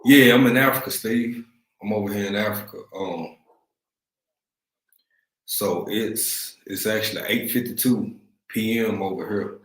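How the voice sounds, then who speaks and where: A man's voice: lowish voice, fairly even intonation, a little slow, long pauses, reverberant, rough recording. A man from East Texas with a Texan accent, hosting a casual livestream chat, laid-back and slangy, greeting viewers by name. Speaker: livestream host. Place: room at home, in Africa.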